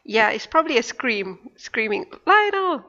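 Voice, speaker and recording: A woman playing a tabletop game, slow and inquisitive, asking about the rules. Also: a little high, fairly even intonation, bright, forceful tone, big-room sound, muffled recording. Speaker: player. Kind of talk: tabletop role-play.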